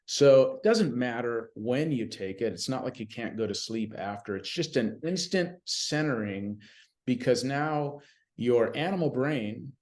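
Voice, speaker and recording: A man telling stories as a guest in a casual podcast conversation, animated and chatty, often saying "you know what I mean.". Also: mid-range voice, measured pace. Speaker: podcast guest, BMX announcer.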